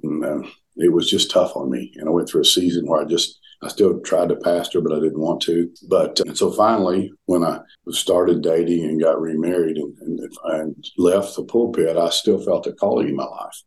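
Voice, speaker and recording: An older man with a Southern US accent, a former pastor telling his story as a podcast guest in an earnest, halting way full of restarts. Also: low voice, darkish tone.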